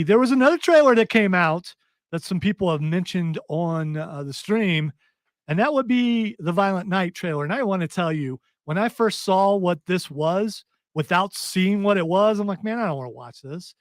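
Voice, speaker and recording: A man's voice: high-pitched, moderate pace, dry recording. A man hosting a casual pop culture podcast who steers the topics and poses questions conversationally. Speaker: podcast host.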